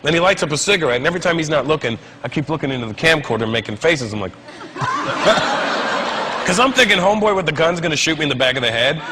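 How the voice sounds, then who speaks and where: A stand-up comedian telling a comic story in an animated way and acting out the other people in it. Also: male voice, on the high side, fast talker, background noise.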